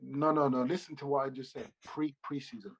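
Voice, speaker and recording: A man, a former footballer, telling animated, slangy stories as an interview guest over a video call. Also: medium pitch, quick pace, poor audio. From England. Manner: animated, loose slangy storytelling with repeats. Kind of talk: casual interview storytelling.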